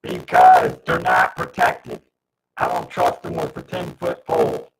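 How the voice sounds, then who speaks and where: Very deep gravelly-voiced man streaming. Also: wildly swooping pitch, measured pace, far from the mic. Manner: flustered, restarts while fixing audio trouble. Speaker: livestream host. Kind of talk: casual livestream chat. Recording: noisy livestream audio with hiss.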